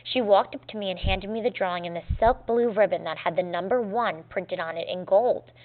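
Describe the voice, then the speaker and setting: A woman teacher reading a story aloud to her students in a clear, measured, gently expressive way. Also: mid-range voice. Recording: tinny phone-like lo-fi recording.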